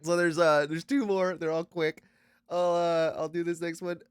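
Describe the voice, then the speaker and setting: Guy in his 30s hosting a podcast, rambly and halting, keeps restarting, dry close mic sound. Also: a little high, flat delivery, clear, resonant tone, no echo. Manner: loose, halting, lots of uh and restarts. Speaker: podcast host. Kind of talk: casual chat.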